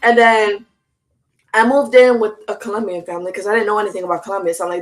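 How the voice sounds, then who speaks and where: A woman's voice: mid-range voice, faint music behind, poor audio. A young woman, an interview guest, telling a story in casual chat with slang and acted-out quotes. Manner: animated, fast slangy storytelling with reenacted quotes.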